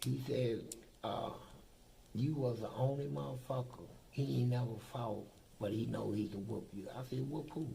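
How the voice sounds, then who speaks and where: A man's voice: mid-range voice, moderate pace, gravelly, dark tone, a little hiss or hum, rough recording. An older man, a former prisoner, telling blunt, profane stories in a documentary interview. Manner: blunt, profane, boastful storytelling.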